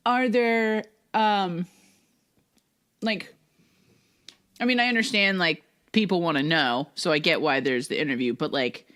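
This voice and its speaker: A woman's voice: fairly low pitch, unhurried, pauses often, fairly bright tone. A woman co-hosting a podcast in casual chat. She talks in a wry, chatty way with a lot of filler words and some swearing. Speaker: podcast co-host.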